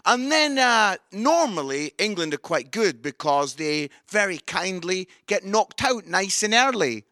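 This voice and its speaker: A middle-aged man with a Scottish accent, telling jokes and stories in an animated comic Easter talk before reading from the Bible at home. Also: high voice, unhurried, no room sound, studio quality. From Scotland. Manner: animated storytelling with jokes and voices. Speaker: Christian comedian and preacher.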